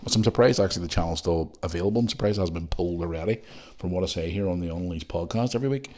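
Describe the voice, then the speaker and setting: Northern Irish man, middle-aged, fairly low voice, chatty podcast host, jokey asides. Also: racing, darkish tone. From Northern Ireland. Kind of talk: casual chat reading listener messages.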